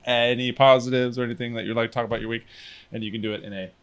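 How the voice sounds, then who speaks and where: A man's voice: medium pitch, little pitch movement, very fast, smooth. A man hosting a casual group podcast, steering the talk and explaining things for audio listeners. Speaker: podcast host.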